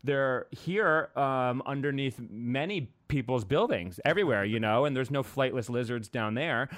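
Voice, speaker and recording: A man's voice: mid-range voice, normal speed. A man co-hosting a podcast, bantering and joking in a casual way. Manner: joking, animated, puts on silly voices. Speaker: podcast co-host.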